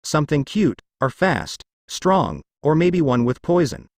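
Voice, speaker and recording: This is an eager young male devil trainee offering creatures to newcomers in a storybook reading. A man reads his part in his own voice. The pitch moves a lot, on a dry, close mic. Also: expressive, measured pace, darkish tone, dry recording.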